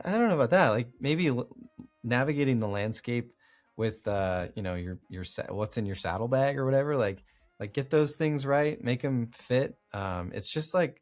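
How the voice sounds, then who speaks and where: A man co-hosting a casual chat, animated and mocking stock AI phrasing with exaggerated groans. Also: fairly low pitch. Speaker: podcast co-host.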